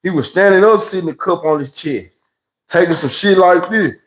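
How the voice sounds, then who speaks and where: A livestream host with a Memphis Southern accent tells a rambling, slangy story, acting out other people's voices. His voice is high-pitched and at normal speed, and the phone livestream audio is rough.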